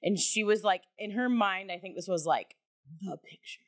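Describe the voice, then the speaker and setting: A woman co-hosting a podcast, telling a story in a loose, animated way, laughing often and swearing casually. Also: mid-range voice, normal speed. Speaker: podcast co-host.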